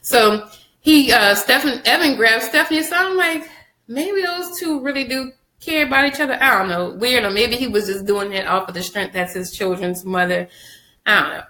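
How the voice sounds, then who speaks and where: A woman recapping a TV episode for her viewers, chatty and animated, addressing them directly and laughing often. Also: a little high, moderate pace, reverberant, low-quality recording. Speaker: TV show reviewer.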